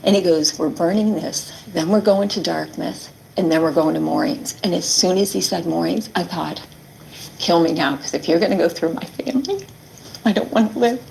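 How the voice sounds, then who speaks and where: Interviewee, woman, middle-aged, gravelly, a bit low, earnest retelling. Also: moderate pace, a little mellow, a little hiss or hum, rough recording. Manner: earnest, quotes herself and others, many "like" fillers. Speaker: interviewee recounting her ordeal. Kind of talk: emotional testimony in an interview.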